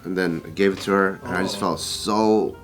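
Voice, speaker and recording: A man co-hosting a casual podcast chat, telling a story in an animated way, acting out both sides of a conversation and swearing freely. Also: sits low, moderate pace, faint music behind. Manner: frequent swearing and filler words.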